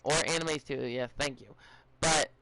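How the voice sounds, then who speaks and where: Young guy rambling on a podcast, kinda scattered, keeps restarting, slightly high voice. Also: steady tone, bright, forceful tone, low-quality recording. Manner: rambling, halting with many fillers and restarts. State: a bit out of it, stuttering. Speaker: podcast host giving advice. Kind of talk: casual podcast chat.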